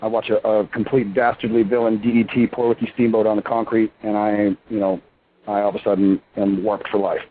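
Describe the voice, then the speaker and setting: A man in his thirties, a pro wrestler and interview guest, talking in a rambling, excitable way full of fillers. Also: fairly low pitch, fairly quick. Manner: excitable, rambling, full of "you know" and "I mean". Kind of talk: casual phone interview. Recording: tinny phone line with faint hiss.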